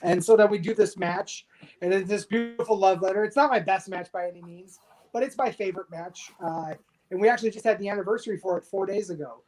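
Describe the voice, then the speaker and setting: A man's voice: high-pitched, fast talker, poor audio. A man in his forties from the United States, a retired soldier and pro wrestler, telling stories as a guest in a casual interview. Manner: animated storyteller acting out others' quotes.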